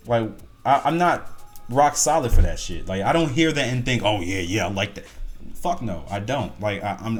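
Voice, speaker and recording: A man hosting a casual reaction video, talking bluntly and at length and swearing often. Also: medium pitch.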